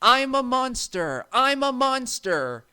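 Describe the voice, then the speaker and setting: A man voicing a vain, teasing male engine who talks in a booming, mocking way. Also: very animated, slow, bright, forceful tone, smooth, heavily acted.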